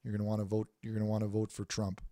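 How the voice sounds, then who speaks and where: Halting man reading chat aloud. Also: on the low side, completely flat delivery, warm tone, no echo, studio quality. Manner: halting, repeats words, many restarts. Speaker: livestream host reading chat. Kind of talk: casual livestream chat.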